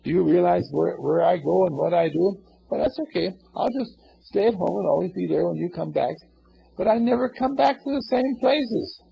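A man with a gravelly, husky voice playing a big kindly male lion in a told story. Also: sits high, animated, normal speed, pitched above the performer's own voice, exaggerated voice. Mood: doubtful. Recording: dull lo-fi recording.

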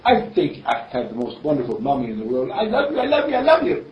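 A man voicing a little girl in a sermon story, speaking in a high, childish, pleading tone. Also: huge pitch swings, fast talker. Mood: sweet. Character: sad lonely little girl who becomes sweet. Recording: distant roomy dull recording.

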